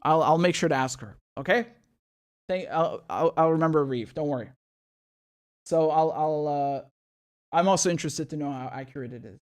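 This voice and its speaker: A man's voice: fairly high pitch, normal speed, long pauses. A man hosting a casual livestream, talking in a rambling, chatty way with many restarts. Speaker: livestream host.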